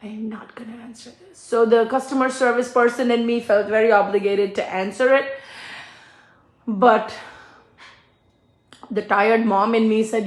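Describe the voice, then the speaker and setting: A middle-aged woman chats through a cooking vlog with a fairly high voice, laughing often and acting out the people in her story. Her voice bounces around a roomy home kitchen. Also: fairly even intonation, measured pace, long pauses. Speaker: cooking channel host and small shop owner.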